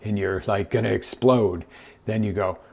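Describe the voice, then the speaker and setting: Fairly low in pitch and marked by vocal fry, this man's voice comes at a moderate pace with slight background noise. He hosts a live online motivational coaching show, telling animated stories and acting out their voices.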